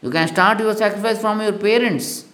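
An earnest man reads a spiritual lesson aloud, moralizing in a steady voice that sits a little high. The recording carries a noticeable room echo. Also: moderate pace. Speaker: spiritual teacher. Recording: echoey room.

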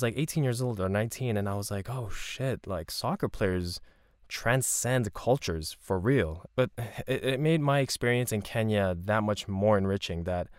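A man with a somewhat low voice talks through his stories in an easygoing, meandering way, laughing often. The sound is dry and close, with no room echo. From Canada. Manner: relaxed, rambling, laughs often. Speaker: podcast host. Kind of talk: casual solo podcast storytelling.

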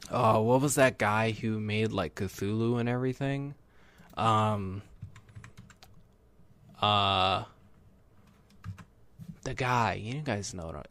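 Young male film vlogger, eager and rambling, average pitch, dry recording. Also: dry recording. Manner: enthusiastic, rambling. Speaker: movie reviewer. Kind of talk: casual movie review.

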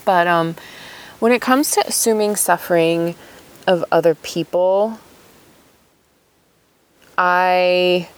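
A woman speaking in a thoughtful, hesitant personal monologue with many pauses. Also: fairly low pitch, smooth.

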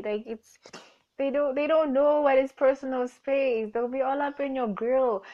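A woman's voice: high voice, moderate pace, darkish tone. A young woman hosts a casual, rambling podcast monologue. She self-corrects, jokes and laughs often. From Namibia. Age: young adult. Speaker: podcast host. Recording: dull lo-fi recording.

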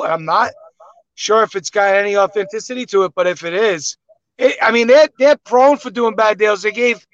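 Co-host: high-pitched man, conversational, slightly dull lo-fi sound. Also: fairly bright tone, no room sound. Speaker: podcast co-host. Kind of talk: casual sports chat.

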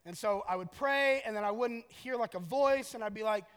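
A man's voice: high-pitched, fairly quick, a bit bright, clear, resonant tone. A man in his thirties, a pastor preaching a sermon in a casual, joking storytelling way, in a large church hall.

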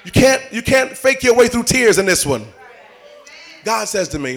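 A man preaching a sermon in an animated way, telling stories with playful asides and building up to shouting. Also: sits high, normal speed, gravelly, a faint crowd.

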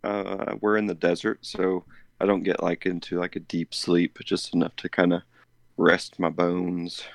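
Player, man, very deep and gravelly, halting delivery, faint music behind. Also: little pitch movement, no room sound, studio quality. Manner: hesitant, halting with many fillers. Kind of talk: casual tabletop game play.

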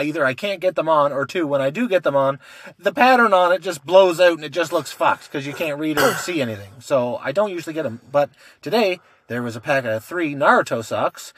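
Talkative man, raised pitch, dry sound. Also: a bit bright, dry recording. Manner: loose, rambling storytelling with frequent swearing. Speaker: podcast co-host. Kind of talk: casual chat.

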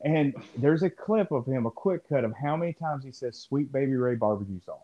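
A man's voice: medium pitch, expressive, fairly quick. A man co-hosting a podcast in casual chat, rambling and profane as he riffs. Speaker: podcast co-host. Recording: muffled lo-fi audio.

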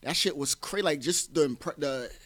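A man co-hosting a podcast in a relaxed, slangy casual chat. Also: a little high, moderate pace. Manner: relaxed, slangy, says bro a lot.

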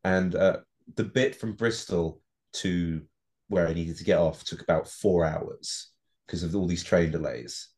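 A man's voice: sits low, measured pace, darkish tone. A man co-hosting a podcast, chatting playfully with frequent hesitant restarts. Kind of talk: casual chat.

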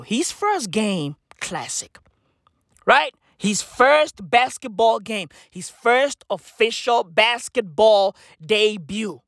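A woman delivering a foul-mouthed comic rant in a slow, drawn-out way, her pitch swinging widely from line to line. She circles back to the same lines and breaks into laughter at her own jokes, recorded close and dry. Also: a bit bright, no room sound. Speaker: comedian.

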